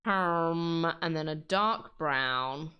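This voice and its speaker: A woman's voice: low-pitched, drawn-out words, clear, resonant tone, lo-fi sound. A woman chatting casually while she draws, self-mocking and laughing often. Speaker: drawing vlogger. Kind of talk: casual chat while drawing.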